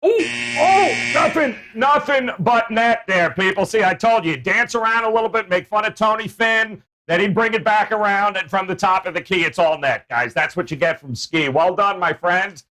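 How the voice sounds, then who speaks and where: A man's voice: high voice, normal speed, few pauses, sharp tone. A man hosting a sports betting show, joking and hyping up his panel with playful banter. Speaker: host.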